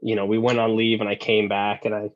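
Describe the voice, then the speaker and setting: A man telling stories as a podcast guest, animated and profane, acting out the voices he quotes and laughing as he goes. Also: fairly low pitch, quick pace, lo-fi sound, a little hiss or hum. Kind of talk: casual storytelling.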